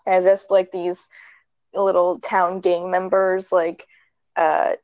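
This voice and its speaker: A woman's voice: lowish voice, little pitch movement, slow, darkish tone, no room sound, muffled recording. A young woman chatting casually, retelling a movie in a rambling way with many likes and ums and frequent laughs. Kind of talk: casual chat.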